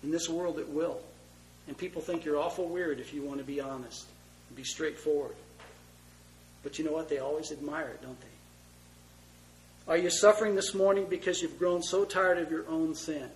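A man preaching a conversational sermon, moving between loud emphasis and hushed, tender asides. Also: fairly high pitch, steady tone, moderate pace, pauses often, poor audio. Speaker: pastor.

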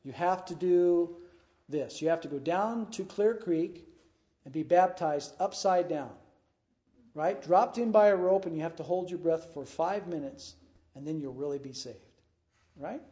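A man's voice: fairly high pitch, measured pace, dark tone, close to an everyday voice. A man doing a breezy visiting preacher. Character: imagined male visiting preacher pushing an extra rule.

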